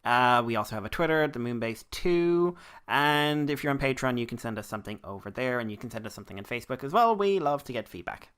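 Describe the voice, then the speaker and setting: A man's voice: medium pitch, animated, fast, a bit bright, clear, resonant tone. An Irish man co-hosting a podcast in casual chat, rambling and laughing as he goes. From Ireland. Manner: rambling, laughing, bursts into mock accents. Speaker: podcast co-host.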